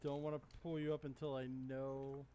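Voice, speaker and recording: A man hosting a live stream panel, speaking in a measured, hesitant way with frequent restarts. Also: medium pitch, level tone, dark tone, smooth.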